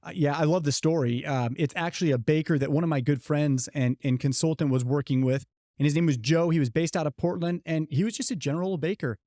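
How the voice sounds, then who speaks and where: A middle-aged man with a mellow voice, a little higher than most, tells a business story earnestly. He leans on his key lines by slowing down. The sound is dry and close to the mic. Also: no echo. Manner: earnest storyteller, slows down to stress key points. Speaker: podcast co-host. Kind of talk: motivational podcast talk.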